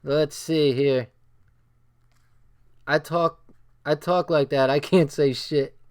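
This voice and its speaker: Smooth-voiced New Jersey man, blunt. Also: a little high, steady tone, takes it slowly, a little mellow. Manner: blunt, emphatic, repeats phrases for stress. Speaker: livestream host reading a book aloud. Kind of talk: casual reading and commentary livestream.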